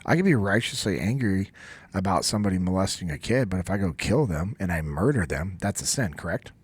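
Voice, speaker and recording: A man's voice: low voice, expressive, brisk, husky, dry recording. An American man hosting a podcast, telling an emotional story in a casual, earnest way. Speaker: podcast host.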